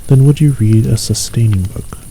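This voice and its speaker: Man doing a gentle, simple storybook bear. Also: medium pitch, moderate pace, a little hiss or hum, natural voice, poor audio.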